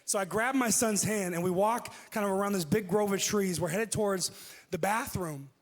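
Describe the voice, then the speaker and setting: A man preaching a sermon, telling a personal story with lively delivery and acting out what people said. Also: high voice, moderate pace. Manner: animated, acts out quoted speech. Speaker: pastor. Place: church auditorium. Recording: long hall reverb.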